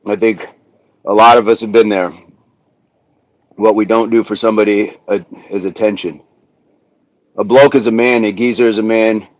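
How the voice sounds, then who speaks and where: An American man with a lowish, darkish voice hosts a fitness livestream from California, chatting casually, reading viewer comments and laughing easily. He's from the US South but grew up in the Midwest. The recording is dry and muffled.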